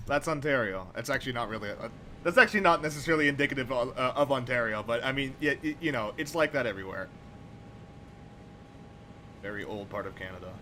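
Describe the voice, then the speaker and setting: A man's voice: mid-range voice, animated, fast, bright, forceful tone, a little hiss or hum. A young man streaming a train simulator, chatting casually with rambling, profane, wry asides. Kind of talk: casual gameplay commentary.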